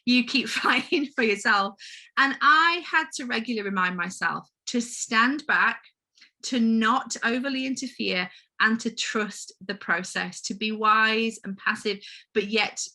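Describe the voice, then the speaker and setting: Earnest home-ed mum giving a conference talk, slightly high bright voice, talks right to the crowd. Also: female voice, lively intonation, a little slow. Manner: earnest and heartfelt, addressing the audience directly. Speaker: conference speaker, home-educating mother.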